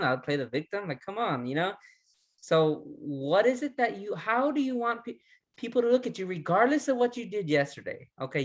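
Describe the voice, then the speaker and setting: A man's voice: fairly high pitch, a bit bright. A man leading a recorded training lesson, speaking with energy, firing off repeated questions and restarting his words. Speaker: resilience trainer.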